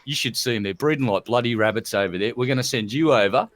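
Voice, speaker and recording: A man's voice: mid-range voice, fast, fairly bright tone, voice pushed down, lightly acted. A man with an Australian accent playing a blunt, blustering male prime minister who swears casually.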